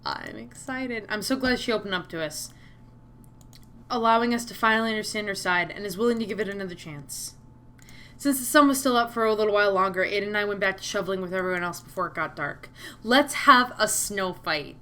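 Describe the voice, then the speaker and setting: A woman playing a visual novel, reading all the characters' lines aloud and breaking off into excitable, gushing asides. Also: medium pitch, fast talker. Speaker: let's-play streamer voicing all characters. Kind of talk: reading game dialogue aloud with commentary.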